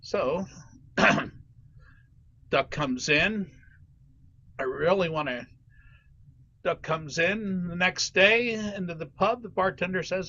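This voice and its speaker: A man's voice: high voice, slow pace, pauses often. A man telling a joke at a club meeting over a video call, laughing as he goes. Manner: laughing, animated storytelling. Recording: dull lo-fi video call audio.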